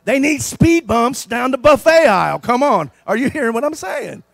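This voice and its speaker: High-voiced preaching pastor, dry mic. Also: male voice, animated, moderate pace, vocal fry, no room sound. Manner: call-and-response preaching, swings between hushed and loud. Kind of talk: sermon.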